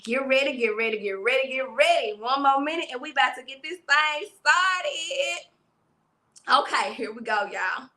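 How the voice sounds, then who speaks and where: A woman's voice: high-pitched, bright, forceful tone. A woman with a New Orleans accent hosting a livestream, bubbly and laughing as she greets her chat. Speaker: livestream host.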